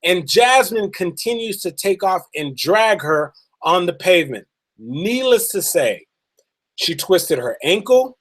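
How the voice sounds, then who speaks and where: A man giving a motivational talk, telling a story in an earnest, emphatic way and drawing out key words slowly. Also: high voice, big pitch swings, a bit bright, husky. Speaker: motivational speaker.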